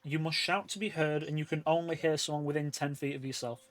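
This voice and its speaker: A man running a tabletop role-playing game, narrating scenes in a relaxed way with frequent fillers. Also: fairly high pitch, quick pace. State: hiccuping. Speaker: game master.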